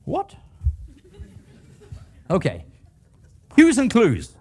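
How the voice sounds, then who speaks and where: A man's voice: high-pitched, huge pitch swings, drawn-out words, a little mellow, breathy edge. An older man giving a leadership talk to a live audience, telling stories with humor and asking the audience questions. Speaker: guest speaker.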